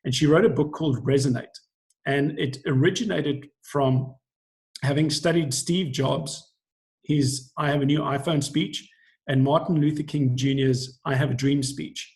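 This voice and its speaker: A man's voice: a little high, measured pace, darkish tone. Earnest middle-aged male acting coach. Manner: earnest, explanatory, acts out quoted lines. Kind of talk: coaching talk to preachers on a video call. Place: indoors on a video call. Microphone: video call.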